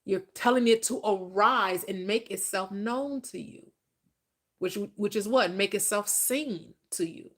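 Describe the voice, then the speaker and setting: A woman's voice: medium pitch, a little slow, fairly bright tone. A woman teaching about manifestation in a preacher's style, emphatic and repetitive, asking questions and answering them herself. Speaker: spiritual teacher.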